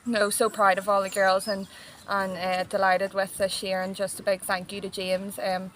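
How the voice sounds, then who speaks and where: Young woman, flat post-match interview. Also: mid-range voice, moderate pace, slight background noise. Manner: modest, matter-of-fact post-match talk. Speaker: team captain.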